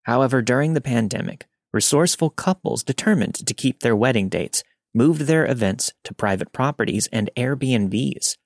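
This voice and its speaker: A man reading scary first-person stories aloud in a steady, even narrator's voice. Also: medium pitch, normal speed, few pauses, dry recording, clean studio sound. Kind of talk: scripted horror story narration.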